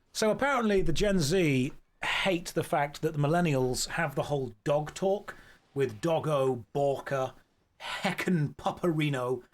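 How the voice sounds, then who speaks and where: A young man streaming, rambling casually and slipping into playful baby talk with his dogs. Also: on the high side. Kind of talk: casual live-stream chat.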